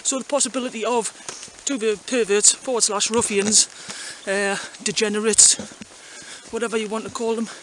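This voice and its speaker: A vlogger with a high-pitched, fairly flat voice talks to the camera at normal speed while walking through a rural valley, joking dryly as he rambles. The low-quality recording is full of loud wind and outdoor noise.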